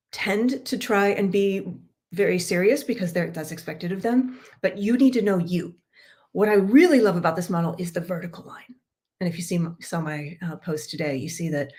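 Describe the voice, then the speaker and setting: An upbeat middle-aged woman leads a livestreamed workshop on a computer mic. She talks with lively energy and acts out example phrases as she goes. Her voice sits at an everyday pitch for a woman, and she laughs often. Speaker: workshop leader and trainer. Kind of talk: livestreamed coaching talk. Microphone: computer mic on a live stream.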